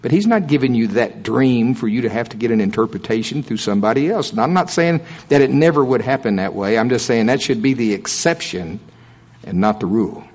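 A male preacher delivers a sermon in a relaxed, folksy manner, chatting with the congregation rather than orating. He leans hard on key points, repeats them for weight, and slips in dry humorous asides. His voice sits at a middling pitch. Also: a little fast.

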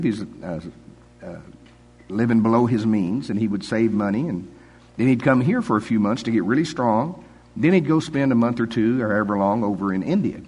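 A man's voice: mid-range voice, slightly rough. An older man preaching a sermon in a folksy, conversational way, chuckling often.

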